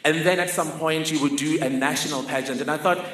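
A man's voice: fairly high pitch, fairly even intonation, brisk, a bit bright. A man telling a funny, vivid personal story in a talk. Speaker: speaker. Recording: roomy echoing hall.

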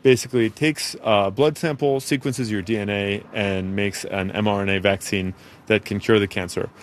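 Man, forties, from the States, interview guest; lively, acts out quoted voices, somewhat low register. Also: normal speed, a little hiss or hum. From United States. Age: 40s. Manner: animated, acts out other people's voices in quotes. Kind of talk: radio interview conversation.

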